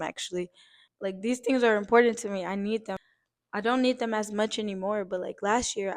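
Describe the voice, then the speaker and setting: A woman's voice: mid-range voice, fairly bright tone. Earnest young woman, tearful encouragement. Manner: earnest, emotional, on the verge of tears; casual, uses fillers like "like" and swears lightly. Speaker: vlogger. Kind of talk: heartfelt encouraging vlog talk.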